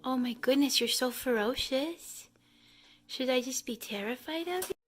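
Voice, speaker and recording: A man putting on a high falsetto baby-talk voice, cooing at a kitten. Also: normal speed.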